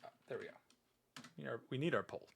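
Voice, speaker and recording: A man's voice: medium pitch, quick pace, gravelly, slight background noise. A man chatting casually on a livestream as a VTuber, playful and mock-grandiose, swearing often. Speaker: VTuber streamer.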